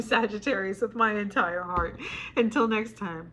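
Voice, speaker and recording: A woman's voice: medium pitch, normal speed, a bit bright, a little hiss or hum. A woman giving a casual tarot reading to camera, chatty and emotional, her voice choked up with tears. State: tearful, choked up. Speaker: tarot reader.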